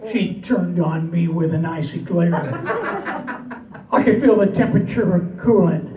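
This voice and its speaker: A man's voice: sits high, unhurried, a crowd in the background. A man from Southern California reciting a humorous cowboy poem with folksy, dry comic timing. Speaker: cowboy poet. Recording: echoey, distant, noisy live recording.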